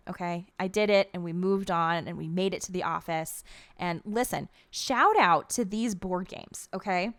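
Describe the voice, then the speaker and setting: A woman's voice: mid-range voice, no echo. Chatty young woman, dry close voice. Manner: chatty and rambling, animated storytelling. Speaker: gaming video creator. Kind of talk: casual voice-over commentary.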